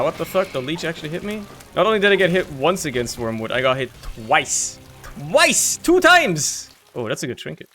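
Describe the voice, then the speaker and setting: A young man giving casual, slangy commentary on his own gameplay, often laughing and getting worked up over what happens in the game. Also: mid-range voice. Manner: animated, laughing, slangy, talks to himself while playing. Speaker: gaming YouTuber.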